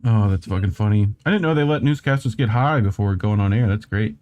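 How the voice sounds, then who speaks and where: A man's voice: lowish voice, a little mellow, lo-fi sound. A man hosting a casual chat show, reacting to funny videos, swearing a lot and laughing often. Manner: swears constantly, laughs often, slow drawl. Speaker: podcast host.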